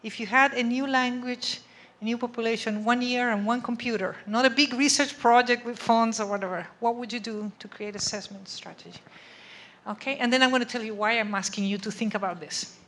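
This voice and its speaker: In a lecture room, the woman speaks a little fast, her voice on the high side and a bit bright. Her academic talk stays conversational, punctuated by frequent "okay?" and "right?" to check in with listeners.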